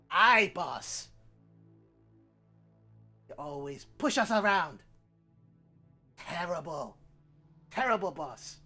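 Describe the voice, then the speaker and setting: A man's voice: on the high side, sharp tone, heavily acted. A man voicing a big armored male goblin boss who gloats in broken, grunting speech.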